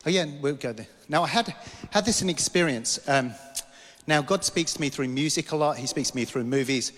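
British preacher telling a vision story. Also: male voice, on the high side, brisk, a bit bright, big-room sound. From Britain. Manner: storytelling, rambling, self-interrupting, joking asides. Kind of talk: sermon with personal testimony. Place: church hall.

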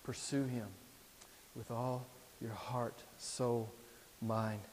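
A man's voice: mid-range voice, little pitch movement, drawn-out words, a little hiss or hum. Male preacher in a reverberant hall. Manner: emphatic, repetitive, swings between loud and hushed. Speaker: pastor. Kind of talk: sermon. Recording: long reverb in a large hall.

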